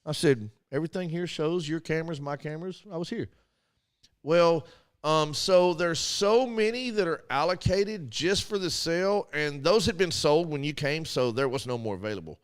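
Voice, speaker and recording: A man's voice: on the high side, animated, normal speed, smooth. A man co-hosting a casual radio talk show, animatedly telling a story and acting out both sides of phone calls. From Arkansas.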